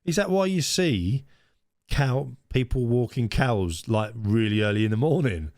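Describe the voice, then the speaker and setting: A man's voice: medium pitch, expressive, measured pace, darkish tone, no room sound, studio quality. A man co-hosting a podcast, chatting casually and telling a story with many restarts and ums. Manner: hesitant, many restarts and ums, bursts of surprise. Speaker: podcast co-host.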